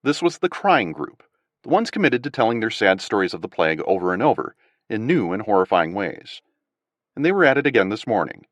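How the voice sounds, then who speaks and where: A man narrating an audiobook in an expressive, scripted reading. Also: lowish voice, dry recording, muffled recording.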